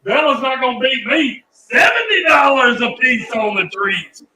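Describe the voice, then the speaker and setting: Cocky gloating dog, as a man puts it on, high bright voice, echoey room. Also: big pitch swings, moderate pace, heavily acted. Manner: gloating, teasing. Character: cocky little dog bidding on treats.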